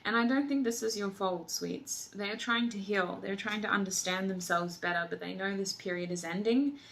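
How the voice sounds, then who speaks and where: A woman's voice: mid-range voice, normal speed, vocal fry, a bit bright. A woman doing a tarot reading, talking effusively and emotionally, often exclaiming over the cards. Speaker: tarot reader. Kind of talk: tarot reading, channeled messages.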